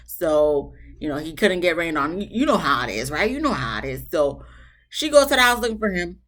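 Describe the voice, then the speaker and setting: A woman's voice: low voice, sing-song, fairly quick, a bit bright. Chatty woman recapping a reality episode. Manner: chatty and slangy, talks straight to viewers. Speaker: TV show reviewer.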